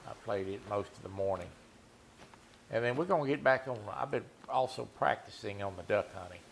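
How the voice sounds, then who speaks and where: A man's voice: lowish voice, expressive, fairly quick, gravelly, slight background noise. A man streaming a hunting game, chatting and teasing viewers in a laid-back way. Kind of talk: casual gameplay chat with viewers.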